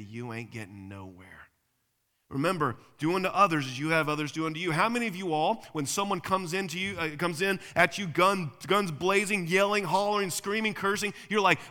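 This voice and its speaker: A preacher delivers a marriage sermon, his bright, forceful voice rising into loud emphatic bursts and dropping into low asides. The sound carries a long reverb, as if recorded in a large hall. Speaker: pastor.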